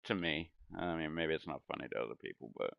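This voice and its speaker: Rumbling low and creaky, this voice moves fast. It belongs to a middle-aged American gaming streamer at his home setup, casually rambling, swearing, and laughing at his own anecdotes, in a dry and muffled recording.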